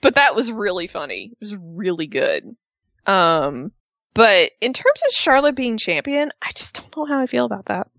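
A woman co-hosting a casual wrestling recap, expressive and acting out quotes in high voices. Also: moderate pace, creaky, dry recording, lo-fi sound. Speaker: podcast co-host.

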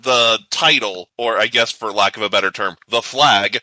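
Upbeat, opinionated male podcast co-host; very bright, sharp tone, dry close recording. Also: on the low side, moderate pace, dry recording, poor audio. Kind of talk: casual podcast chat.

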